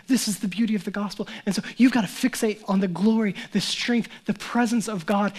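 A man's voice: sits high, steady tone, a little fast, hardly any pauses. A young adult male pastor giving a sermon, talking in an earnest, conversational way, acting out quoted voices and building up to emphatic passages.

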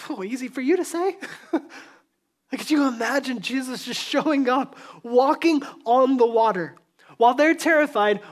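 A man pastor preaching a sermon in a church, telling the story conversationally, acting out voices and dropping to a hushed tone. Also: extremely high pitch, normal speed.

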